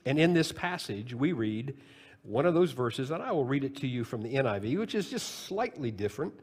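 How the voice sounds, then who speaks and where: A man in his sixties preaching a sermon, talking with the congregation in a conversational way and swinging between loud, high emphasis and quiet, low asides. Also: very animated, brisk, breathy edge, big-room sound. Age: 60s. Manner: conversational preaching with wide swings in pitch and loudness. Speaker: pastor.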